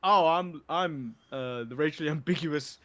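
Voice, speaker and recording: A man's voice: on the high side, moderate pace, a bit bright. A man from England co-hosting a wrestling podcast in casual chat, delivering mock-serious rants. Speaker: podcast co-host.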